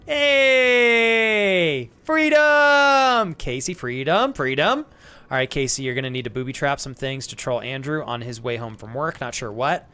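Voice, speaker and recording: A man's voice: medium pitch, steady tone, quick pace, hardly any pauses, fairly bright tone. A man streaming a video game, chatting casually with viewers, calling them by name and swearing now and then. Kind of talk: casual live-stream chat.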